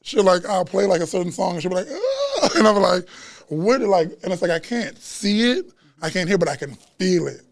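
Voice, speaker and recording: A man who works as a chef and Reiki practitioner, chatting as a guest at a live podcast taping in a bookstore and telling stories in an animated, slangy way. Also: sits high, brisk, creaky, dry recording. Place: bookstore event space.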